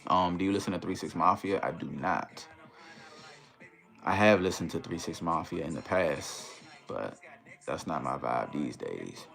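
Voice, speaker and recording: Deep-voiced laid-back man. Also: animated, a little slow, vocal fry, a bit bright, soft background music. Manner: laid-back, reads viewer comments aloud and greets them. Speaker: livestream host. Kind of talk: casual livestream chat.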